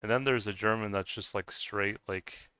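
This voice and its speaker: A man chats casually while streaming a game, rambling with many fillers and restarts and chuckling often between remarks. His lowish voice keeps a fairly even intonation at normal speed, sharp and smooth in tone, with no echo.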